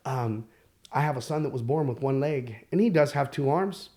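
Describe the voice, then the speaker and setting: A man telling his own life story as a podcast guest, candid and halting, with many fillers and restarts. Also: mid-range voice, warm tone. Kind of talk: personal storytelling.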